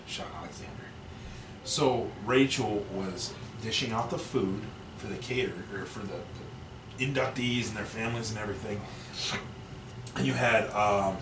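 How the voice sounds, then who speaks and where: A man, a podcast co-host, telling a long rambling story in casual, profane talk full of restarts. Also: on the low side. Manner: rambling, profane, self-interrupting. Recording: echoey, distant, noisy room mic.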